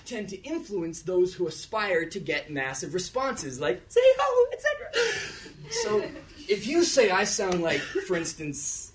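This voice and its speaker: A young man with a Canadian accent performs rap comedy live on a theater stage, his high voice leaping around with animated energy. He plays with words in quick, rhythmic runs and laughs his way through the asides. The sound is caught from some distance away, with a faint hiss underneath. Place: theater stage before an audience.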